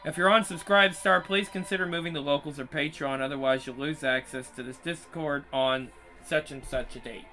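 Male channel host, high-pitched, profane rambling delivery, faint music behind. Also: moderate pace, hardly any pauses, pushed and bright, rough recording. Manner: rambling, profane, frequent restarts. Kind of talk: casual commentary.

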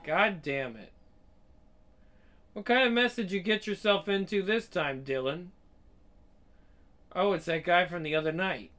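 Dude reading out a game's lines, bemused and low-key, soft game music under it. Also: male voice, normal speed. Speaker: game player. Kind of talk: reading game dialogue aloud.

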